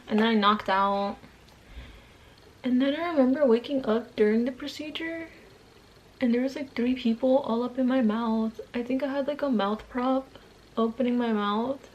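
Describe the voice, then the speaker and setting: Her voice is a little high and a little mellow, and the audio sounds dull. Sitting at her mirror at home doing makeup, the young beauty vlogger rambles through a chatty get-ready-with-me video, leaning heavily on slang and filler words.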